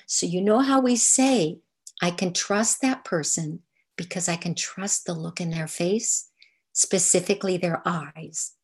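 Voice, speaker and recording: An older woman giving an online lecture over slides, explaining in a soft, unhurried way. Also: lowish voice, slightly rough. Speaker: movement teacher.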